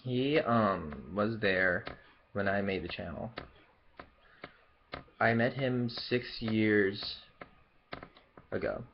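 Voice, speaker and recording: Extremely slow and expressive, with long pauses, a young adult YouTuber speaks at a fairly low pitch through a muffled recording with a little hiss or hum. He hails from Memphis, Southern US, has no regional accent, and rambles through a Q&A vlog with many fillers and restarts.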